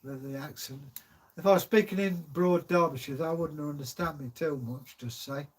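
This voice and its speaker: A man's voice: on the high side, normal speed, husky. An older man from Kent with a southern English accent, chatting casually on a livestream as channel host, rambling with many hesitations. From Kent, England.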